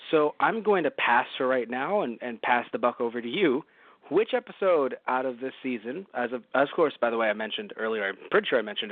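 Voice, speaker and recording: Co-hosting a podcast, the man reviews a show with loose, rambling talk and a lot of swearing. His voice sits at medium pitch, recorded dry with phone-like narrow sound.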